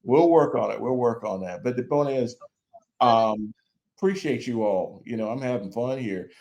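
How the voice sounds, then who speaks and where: A middle-aged man speaking as a podcast guest, in a voice of ordinary pitch. He talks in a folksy, conversational way, often saying "you know". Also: normal speed, darkish tone. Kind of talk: casual podcast chat.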